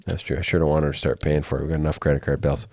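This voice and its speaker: A middle-aged man with a deep, low voice tells stories in a loose, chatty way, often breaking into laughter. He sounds close to the mic in a dry room with no echo. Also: little pitch movement, very fast, darkish tone. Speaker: podcast co-host. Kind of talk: casual chat.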